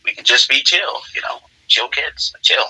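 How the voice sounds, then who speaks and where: A man's voice: mid-range voice, normal speed, bright, forceful tone, breathy edge, pitched above the performer's own voice, poor audio. A man voicing a laid-back transfer schoolgirl from the UK, in his own voice. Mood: chill.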